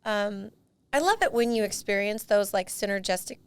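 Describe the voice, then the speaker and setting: Smooth-voiced woman chatting and laughing. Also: mid-range voice, lively intonation, normal speed. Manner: laughs easily, playful banter. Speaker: podcast guest. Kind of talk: casual chat.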